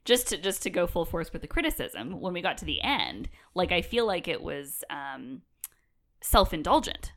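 Lively low-voiced woman co-host. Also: moderate pace. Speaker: podcast co-host. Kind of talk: casual podcast discussion.

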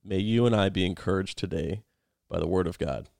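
A man's voice: low voice, fairly quick, creaky, darkish tone, no room sound, clean studio sound. A man imitating an older male radio Bible teacher with a strong Southern accent and emphatic preaching delivery. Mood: earnest preaching. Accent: American Southern.

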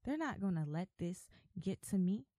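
A woman's voice: mid-range voice, sing-song, normal speed, mellow, no room sound. A woman hosting a faith podcast, talking emphatically and with repetition, like an exhortation. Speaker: podcast host.

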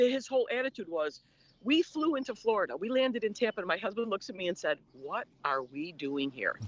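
A woman in her sixties telling her own story with emotion, animated and often laughing. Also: a little high, dry recording, muffled recording. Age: 60s. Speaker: former patient guest. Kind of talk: personal testimony.

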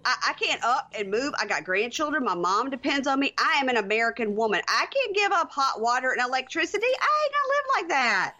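Woman doing a loud cursing grandmother, high-pitched, furious, ranting. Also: very animated, fairly quick, few pauses, heavily acted. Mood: indignant.

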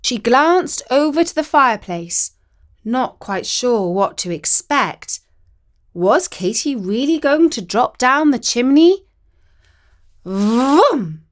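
A woman reading a children's story aloud in a slow, expressive way. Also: fairly high pitch.

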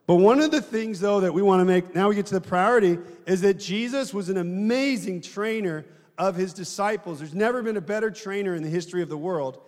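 High-voiced preacher in an echoey hall. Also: male voice, fairly quick, darkish tone. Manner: conversational, asks the congregation questions. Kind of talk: sermon.

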